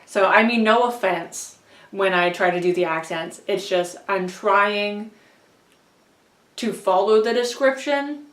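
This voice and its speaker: A book vlogger and audiobook reader chats casually about her audiobook reading in a slow, medium-pitched, slightly bright voice. Rambling and self-deprecating, she laughs often, recorded in an echoey room a bit far from the mic.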